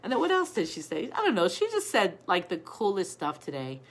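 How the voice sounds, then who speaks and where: This is a middle-aged woman telling stories on a casual live stream, with a voice that sits a little low for a woman. She talks in a chatty, animated way, greets her viewers by name and laughs easily as she goes. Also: fairly quick, a little hiss or hum.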